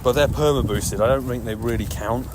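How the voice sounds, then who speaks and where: A man talks nonstop as he walks city streets on a live stream, narrating each find with excitable, chatty energy. His voice sits at an ordinary middle pitch. Loud traffic and street noise surround him throughout. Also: a little fast. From United Kingdom. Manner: chatty, excitable running commentary, talking nonstop like a radio DJ. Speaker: streamer playing a mobile game. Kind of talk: live-stream commentary while walking.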